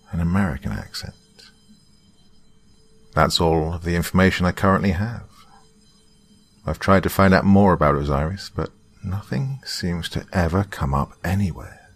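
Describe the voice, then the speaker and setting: A man with an extremely deep, low voice reads a horror story aloud. His delivery is slow and dramatic, and he sinks into whispers for effect. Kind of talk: scripted horror narration.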